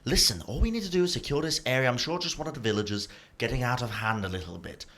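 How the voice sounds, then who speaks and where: A man's voice: mid-range voice, quick pace, a bit bright, close to an everyday voice. A man voicing the smart, bossy head of a two-headed giant, scolding its dim partner. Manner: scolding, impatient. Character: smart bossy male ettin head, exasperated.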